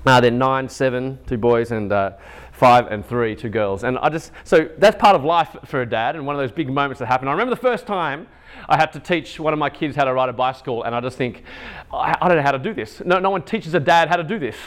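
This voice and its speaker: A man in his thirties giving a chapel sermon, telling a family story and acting out the voices in it. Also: brisk. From Asian heritage. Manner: animated, acts out quotes in higher pitch. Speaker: chapel speaker.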